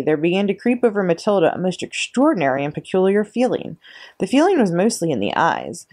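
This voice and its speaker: A woman librarian reading a children's novel aloud, expressive and steady. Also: fairly low pitch. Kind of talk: storybook read-aloud.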